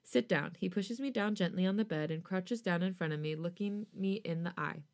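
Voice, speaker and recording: A woman podcast host reading a first-person fan fiction story aloud, with expressive delivery. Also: fairly low pitch, brisk.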